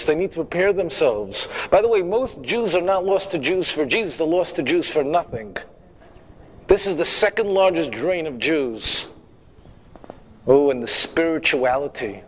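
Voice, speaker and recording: Man, rabbi, lecturing a congregation; emphatic, repeats lines, quips to the crowd, slightly raised pitch. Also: a little hiss or hum, rough recording. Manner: emphatic, repeats phrases for effect; humorous asides, direct questions to audience. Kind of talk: sermon-style lecture.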